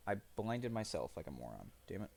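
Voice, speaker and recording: A man narrates his own game live, rambling and cursing while laughing at his own mistakes. His voice sits low with a rough, fry-heavy grain. The pitch leaps around a lot as he reacts. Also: very animated, fairly quick, a little mellow. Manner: rambling, profane, self-mocking. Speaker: streamer. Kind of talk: live gameplay commentary.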